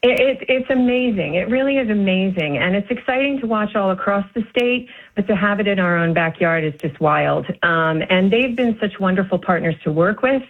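A woman's voice: medium pitch, animated, normal speed, few pauses. A woman guest on a radio interview, upbeat and enthusiastic. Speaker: guest, development council director. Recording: tinny phone line.

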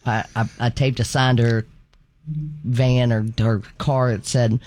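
A man's voice: medium pitch, flat delivery, a little slow, a little mellow, no echo. A middle-aged man co-hosting a radio show, telling a funny story in casual banter and laughing through it. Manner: storytelling, laughing through his own tales.

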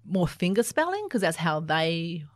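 An Australian woman, an Auslan interpreter, answering interview questions in an animated, explanatory way. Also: fairly low pitch, measured pace, no room sound, clean studio sound. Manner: animated, explanatory, laughs easily.

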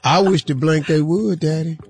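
A man's voice: fairly high pitch, normal speed, over music, pitched below the performer's own voice, lightly acted. A man voicing a brassy, cussing woman who keeps calling a man daddy, in a mocking sing-song drawl.

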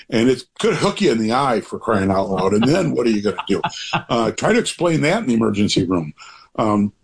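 A man's voice: medium pitch, darkish tone, slightly rough. An older man, a grandfather, speaking as an author guest in a casual interview, rambling and reflective with many restarts.

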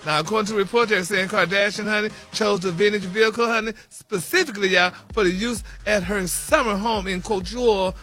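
A man's voice: high-pitched, fairly even intonation, fairly quick, hardly any pauses, sharp tone, faint music behind. A man reporting celebrity news on a radio show in a sassy, gossipy way, calling listeners "honey" and "y'all" constantly. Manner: sprinkles "honey" and "y'all" through every sentence; sassy, chatty.

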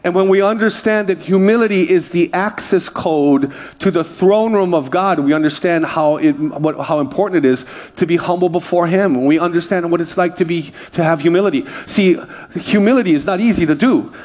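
A man's voice: high voice, fairly quick, darkish tone. A man pastor preaching a conversational sermon and joking with the congregation.

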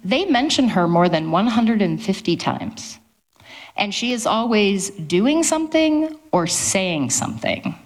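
A woman's voice: medium pitch, sing-song, unhurried. Woman historian telling stories. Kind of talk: talk at a public event.

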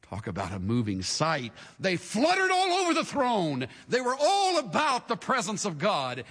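A man preaching a sermon with dramatic delivery, moving from hushed lines to shouts. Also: sits high, huge pitch swings, normal speed, husky, big-room sound. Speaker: pastor.

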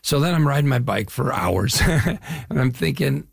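An older man from the Chicago area, an actor, talking through an interview in a relaxed storytelling way. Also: mid-range voice, gravelly, husky, no echo, clean studio sound. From Chicago area, US Midwest. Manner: relaxed storytelling, drawn-out phrases, frequent "yeah". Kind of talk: casual interview conversation.

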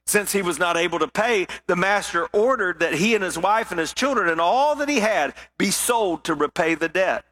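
A man preaching a sermon, telling a parable with drama and dropping to a hush for serious points. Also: sits high. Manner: dramatic storytelling, drops to a hushed voice for weight.

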